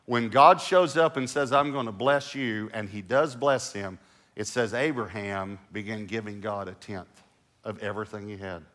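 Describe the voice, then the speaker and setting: A middle-aged male pastor preaching a sermon, an animated storyteller who drops to hushed lows and rises to loud bursts. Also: unhurried.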